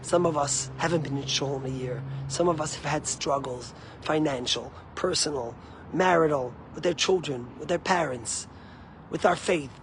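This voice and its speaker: High-voiced, impassioned male preacher. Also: moderate pace, background noise. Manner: impassioned, rhythmic, emphatic delivery. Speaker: rabbi. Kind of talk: sermon storytelling.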